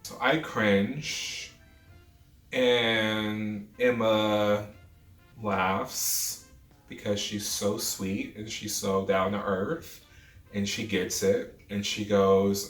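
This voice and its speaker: A man's voice: on the low side, level tone, extremely slow, fairly bright tone, recorded from a distance. A man in his twenties animatedly retelling a true story, dramatic and full of asides. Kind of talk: storytime vlog. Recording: roomy echo, off-mic, faint music.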